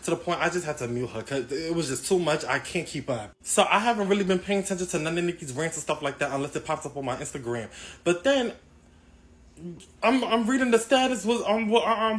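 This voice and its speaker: A man commenting in a casual reaction video, rambling and exasperated, often laughing. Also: sits high. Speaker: commentator reacting to celebrity news.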